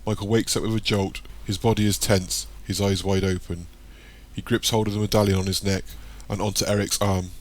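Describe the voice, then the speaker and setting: Casting note: male audiobook narrator, low voice, steady scripted reading. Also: a little fast.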